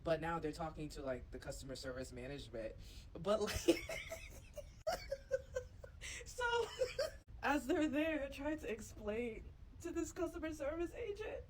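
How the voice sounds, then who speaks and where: Giggly woman with a lively voice. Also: a little high, moderate pace, slight background noise, poor audio. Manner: giggly, breaks into laughter. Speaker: former gate agent reacting to videos. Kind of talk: casual reaction vlog.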